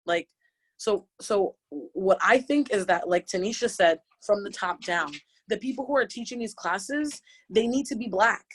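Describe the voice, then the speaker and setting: A woman in her late twenties, a yoga teacher speaking on a panel, talking through tears in an impassioned, halting way with many restarts. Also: medium pitch, husky. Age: late 20s. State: crying, tearful. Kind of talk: emotional personal testimony on a panel.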